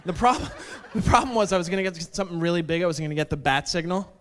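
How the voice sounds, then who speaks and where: A man doing a stand-up comedy set on a club stage, deadpan and self-deprecating, slipping into mock quotes. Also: high voice, quick pace. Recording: club stage with long reverb, faint noise.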